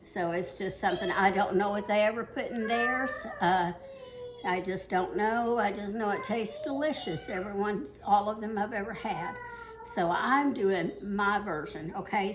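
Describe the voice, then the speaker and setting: An older woman from the Missouri Ozarks, her voice at a medium pitch, rambles through a casual cooking demo in her home kitchen, out of breath. She's chatty and full of fillers, with background noise behind her.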